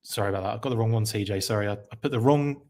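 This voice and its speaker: A man's voice: on the low side, rapid-fire, a little mellow. A man hosting a live podcast stream, reacting with enthusiasm, rambling and correcting himself as he reads out chat comments.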